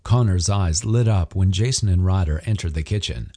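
Deep, husky male audiobook narrator. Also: normal speed, few pauses. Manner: expressive storytelling. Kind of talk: scripted narration.

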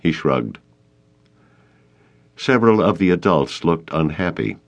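A man narrating an audiobook of a short story with expressive storytelling. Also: a bass voice, a little slow, pauses often. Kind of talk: scripted narration.

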